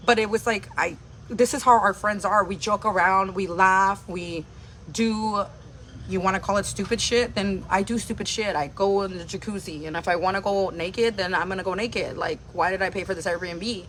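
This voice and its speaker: A woman's voice: mid-range voice, normal speed, fairly bright tone, slight background noise. A woman hosting a livestream, telling a personal story in a casual, rambling way full of filler words.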